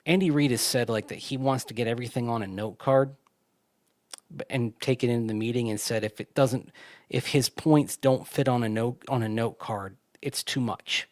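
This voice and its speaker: A man's voice: mid-range voice, steady tone, normal speed, a little mellow, dry recording, studio quality. A man co-hosting a sports radio show, chatting casually, laughing often and restarting his sentences. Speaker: sports radio co-host and team reporter.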